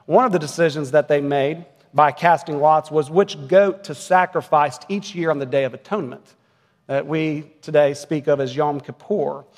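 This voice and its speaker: Male pastor, forties, earnest sermon voice, a touch high, long church reverb. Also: fairly even intonation, moderate pace. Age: 40s. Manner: earnest, rising to emphatic peaks. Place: church sanctuary.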